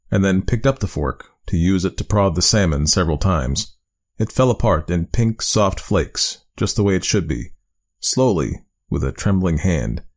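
A man narrating a spooky storybook tale with a measured, expressive reading. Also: sits low.

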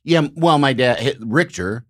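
A middle-aged man from Illinois, hosting a podcast and telling rambling, animated stories in casual conversation. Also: medium pitch, normal speed, no echo, clean studio sound. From Illinois, United States. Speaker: podcast host.

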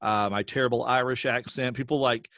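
A man from Southwestern Virginia chats as a guest on a podcast, rambling and poking fun at himself. He keeps restarting his sentences and talks at a middling pitch, recorded close and dry. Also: steady tone, sharp tone, no echo. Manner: rambling, self-deprecating, quick restarts. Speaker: podcast guest, audio drama creator. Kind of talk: casual podcast conversation.

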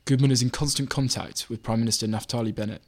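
A man reading his own magazine article aloud in measured, even scripted narration. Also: mid-range voice.

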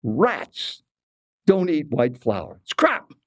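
A man voicing a blunt, health-obsessed airline seatmate who sounds annoyed and scornful without getting loud. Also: a little high, big pitch swings, normal speed, dry recording, pitched above the performer's own voice.

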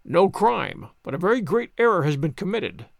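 A man voicing a calm, sharp-witted detective who speaks in a measured, composed way. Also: high-pitched, gravelly, no echo, clean studio sound, full character voice.

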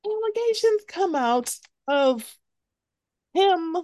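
A young woman hosting a podcast in casual chat, animated and jumping into high, excited voices as she tells stories. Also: takes it slowly, no echo, clean studio sound. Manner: animated, swings into high excited voices when quoting herself. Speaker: podcast host.

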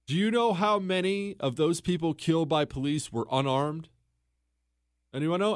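Male talk host, slightly high voice, emphatic storyteller, dry close recording. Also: moderate pace, pauses often, no echo. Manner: storytelling, mimics others in quotes, emphatic repetition. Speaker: podcast host. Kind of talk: opinionated monologue.

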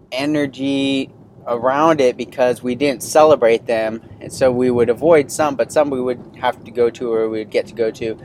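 A man's voice: medium pitch, darkish tone, slight background noise. A man in his thirties hosting a solo podcast, telling a personal story in a loose, candid way with many fillers and restarts. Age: 30s. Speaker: podcast host. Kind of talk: casual solo podcast monologue.

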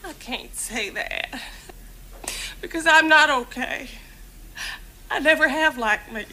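A shrill, insecure sketch-comedy woman in therapy. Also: slow, sharp tone, exaggerated voice, poor audio. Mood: reluctant. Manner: whiny, wavering, bursts into shrill cries. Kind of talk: 1970s TV sketch comedy acting.

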